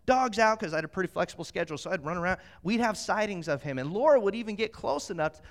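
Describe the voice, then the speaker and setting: A middle-aged man preaching a sermon, moving from slow scripture reading to lively, animated storytelling. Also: sits high. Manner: animated storytelling, acts out quotes. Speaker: pastor.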